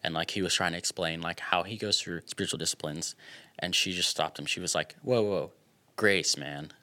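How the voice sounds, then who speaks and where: A young man with a very low voice that still comes across bright and forward. He talks as a guest in a casual podcast chat. His speech is reflective and halting, with many fillers and restarts. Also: fairly even intonation. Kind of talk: casual conversation.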